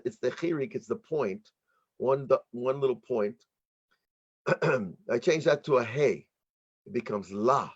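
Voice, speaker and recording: American rabbi teaching, dull lo-fi audio. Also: male voice, mid-range voice. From United States. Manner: explanatory, halting with restarts, laughs easily. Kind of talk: online teaching workshop.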